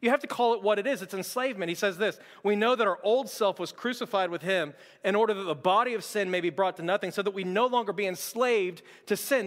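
A young man preaching a sermon as pastor, conversational and joking with quick asides. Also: high-pitched, a bit bright, long reverb tail. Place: church sanctuary.

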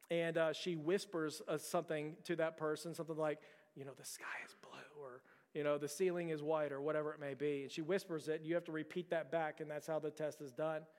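A man's voice: a little high, big-room sound. A man preaching a sermon as a pastor, telling a story earnestly with frequent repeated words and restarts.

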